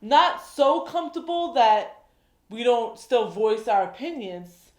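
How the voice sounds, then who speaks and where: A woman's voice: fairly high pitch, sing-song, slow. A woman co-hosting a podcast, making her points earnestly in casual chat. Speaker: podcast co-host. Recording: echoey room.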